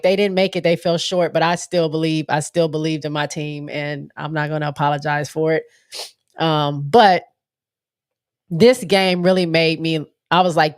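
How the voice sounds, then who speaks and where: A woman's voice: deep voice, no room sound, clean studio sound. A woman hosting a casual live-stream sports talk show, sounding stuffy and nasal from allergies, rambling with many fillers and restarts. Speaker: show host.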